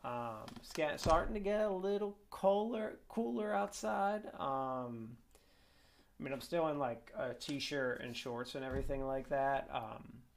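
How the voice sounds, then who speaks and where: A man's voice: medium pitch, expressive, measured pace, creaky. Rambling upbeat man vlogging. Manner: rambling, upbeat, lots of fillers and self-corrections. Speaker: esports coach and vlogger. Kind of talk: casual vlog talk to camera. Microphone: webcam.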